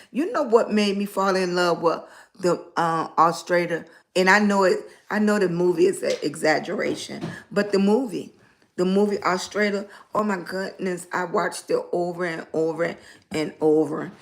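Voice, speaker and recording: Slow-talking raspy Southern woman. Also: sits low. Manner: rambling, chatty, greets viewers by name. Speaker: lifestyle blogger live streaming. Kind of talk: casual livestream chat.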